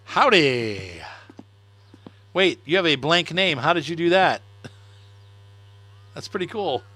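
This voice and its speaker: A man's voice: a little high, animated, takes it slowly, pushed and bright, no room sound. A middle-aged man chatting casually on a game livestream, laughing often and answering viewer comments. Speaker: gaming livestreamer. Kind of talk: casual live-stream chat while playing.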